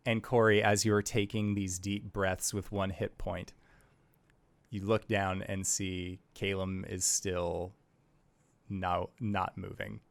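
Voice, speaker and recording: A man acting as game master, narrating a tabletop fantasy game in a slow, theatrical storytelling way. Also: deep voice, flat delivery, creaky, dry recording.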